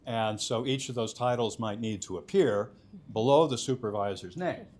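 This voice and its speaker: A man's voice: medium pitch, moderate pace, darkish tone. A man presenting a technical conference talk, explaining step by step with frequent filler sounds. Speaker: conference speaker.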